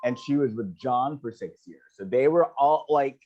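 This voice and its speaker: A man co-hosting a podcast about a book, chiming in with short affirmations and quick interjections. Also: mid-range voice, animated, mellow. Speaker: podcast co-host. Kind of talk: casual book discussion. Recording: muffled lo-fi audio.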